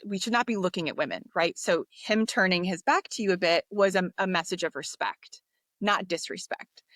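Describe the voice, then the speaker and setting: A woman, a podcast guest, telling a story in an interview, animated and acting out the voices of people she quotes. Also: mid-range voice, no room sound. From United States.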